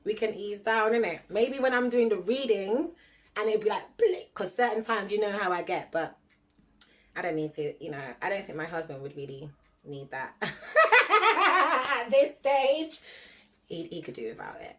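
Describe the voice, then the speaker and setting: A woman's voice: mid-range voice, very animated, normal speed, a bit bright. Laughing, chatty woman on a livestream. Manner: chatty, laughs often, mixes patois and London slang. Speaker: livestream host and card reader. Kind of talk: casual livestream chat with viewers.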